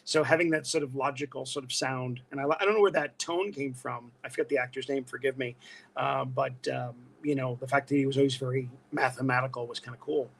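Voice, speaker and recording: A man with a New York accent, originally from Brooklyn, guesting on a podcast and telling animated stories that slip into voices. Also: medium pitch, fast talker, creaky. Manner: animated storyteller slipping into voices. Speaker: guest, illustrator and voice performer. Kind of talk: casual podcast interview.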